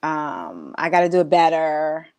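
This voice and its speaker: A woman guest in a casual heartfelt chat, an animated storyteller who acts out her friends' voices. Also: low voice, measured pace, clean tone, no echo.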